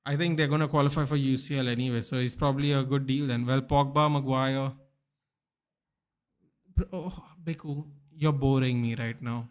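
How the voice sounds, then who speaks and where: A man's voice: mid-range voice, steady tone, normal speed, clean tone. A young man chatting casually on a live football watchalong, bantering and answering viewers by name. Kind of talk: casual live-stream chat reading viewer comments.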